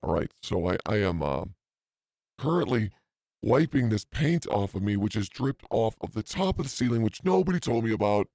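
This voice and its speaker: Gravelly low-voiced man rambling. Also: sing-song, normal speed, a little mellow, dry recording. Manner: profane, self-mocking, rambling with asides. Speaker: podcast host. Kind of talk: casual rambling storytelling.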